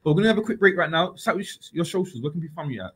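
A male radio host, his voice husky yet bright. His pitch swings in a lively way as he steers a relaxed studio chat. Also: very fast.

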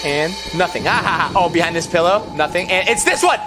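A man hosting a gaming video, joking loudly through gameplay commentary with frequent sudden yelps and screams. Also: high-pitched, lively intonation, fast. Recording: game music playing loudly underneath. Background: game music.

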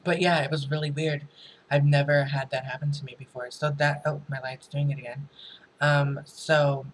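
Chatty, profane vlogger man, flat delivery. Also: fairly high pitch, normal speed, slight background noise, low-quality recording. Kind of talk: casual storytime vlog. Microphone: camera mic.

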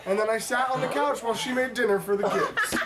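A man's voice: very high-pitched, fast talker, heavy background noise. A teenage boy telling a story in casual talk, laughing through it, swearing, and acting out what he said back then. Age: teens. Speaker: teenager in a group. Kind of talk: casual improvised conversation. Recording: distant mic among chattering people.

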